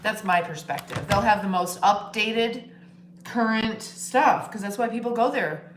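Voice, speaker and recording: A woman's voice: mid-range voice, a little slow, slight background noise. A woman hosting a casual livestream, talking bluntly and swearing freely as she shares her opinions at home. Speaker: livestream host. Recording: roomy echo.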